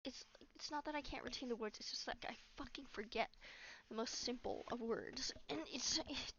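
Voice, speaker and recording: A young woman venting in a casual, rambling monologue, halting often, swearing a lot and dropping to a near whisper. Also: fairly high pitch, pushed and bright, slight background noise. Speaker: vlogger. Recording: dull lo-fi recording.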